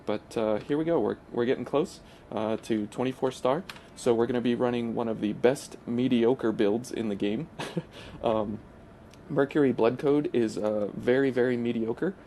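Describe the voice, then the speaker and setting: Mellow-voiced man with hesitant gaming commentary. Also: medium pitch, normal speed, slight background noise. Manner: hesitant, full of uh fillers and restarts. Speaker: gaming channel host. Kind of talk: casual gameplay commentary.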